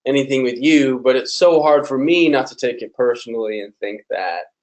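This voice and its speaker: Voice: mid-range voice, darkish tone. Hesitant participant in mid-range voice. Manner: hesitant, halting phrasing. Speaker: participant sharing a personal struggle. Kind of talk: casual conversation.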